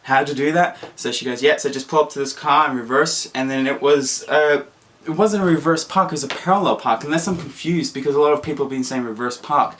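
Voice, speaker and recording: A young Australian man vlogging, telling a story in a casual, animated way and jumping into high squeaky voices when he acts out what people said. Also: brisk.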